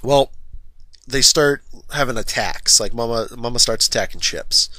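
A man's voice: mid-range voice, moderate pace, pushed and bright, no room sound. A man casually retelling a movie's plot, rambling and correcting himself, full of fillers. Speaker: film reviewer.

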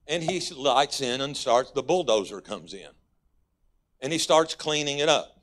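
Speaking at a measured pace, this Texan man has a medium-pitched, slightly bright voice with lively intonation. He's a guest pastor delivering a folksy, conversational sermon in church, punctuated by abrupt emphatic rises.

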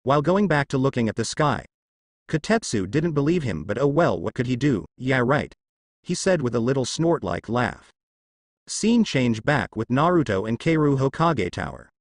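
A man narrating fan fiction in an expressive, lightly humorous storybook reading. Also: medium pitch, normal speed, no room sound, clean studio sound.

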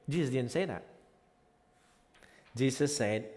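A man preaching a sermon as pastor, moving from quiet reflective lines to loud, emphatic peaks. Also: on the high side, normal speed, pauses often. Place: church sanctuary. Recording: reverberant church hall.

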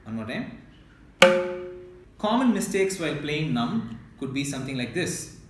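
Slow, patient male music teacher. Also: a little high, sing-song. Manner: slow, patient, demonstrates strokes and counts aloud. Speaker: mridangam teacher. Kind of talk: instructional lesson. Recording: very echoey room, mic at a distance, loud noise.

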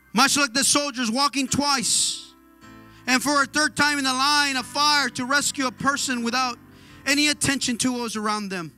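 A man's voice: very high voice, bright, forceful tone. A man preaching a sermon with fervent exhortation, punctuating his lines with hallelujah and amen.

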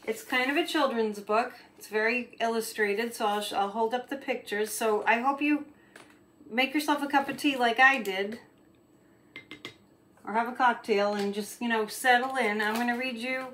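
A woman's voice: on the high side, normal speed, a bit bright, a little hiss or hum. A woman from Gloucester, Massachusetts, chatty and giggly, reading a picture book aloud for her video audience with casual asides about the illustrations. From Gloucester, Massachusetts, USA. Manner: chatty, giggly, lingers on words while showing pictures.

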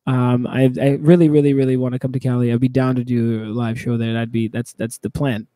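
A man's voice: medium pitch, level tone, a little fast, mellow, no echo, studio quality. A young man, a musician guest, talking in a reflective, loose and chatty way. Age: young adult. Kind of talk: casual interview chat.

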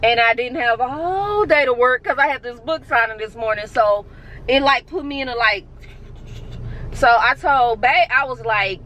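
Woman vlogger, young, chatty and effusive, higher voice, faint street noise behind. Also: moderate pace, sharp tone, rough recording. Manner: chatty, emotional, talks straight to viewers. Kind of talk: casual vlog chat to camera.

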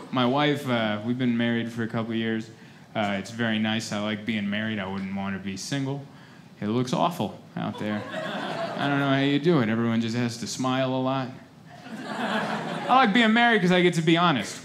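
A man in his thirties doing a self-deprecating stand-up set, acting out quoted voices along the way. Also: medium pitch. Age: 30s. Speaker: stand-up comedian. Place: comedy stage before a laughing audience. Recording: live comedy set with audience noise. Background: audience laughter.

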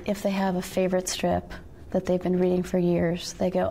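A woman's voice: fairly low pitch, monotone, moderate pace, creaky, dark tone, slight background noise. A woman cartoonist in a documentary interview, speaking earnestly about readers and the comics page.

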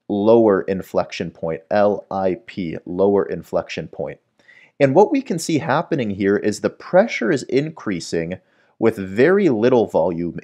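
Guy with a lowish voice walking through a whiteboard lesson, explaining patiently. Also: warm tone. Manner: explanatory, checks in with "right?". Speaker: medical educator. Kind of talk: whiteboard lecture.

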